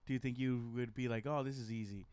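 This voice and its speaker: A man's voice: mid-range voice, steady tone, quick pace, darkish tone, smooth. A man co-hosting a casual podcast, laughing along and asking easygoing questions. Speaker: podcast co-host. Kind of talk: casual chat.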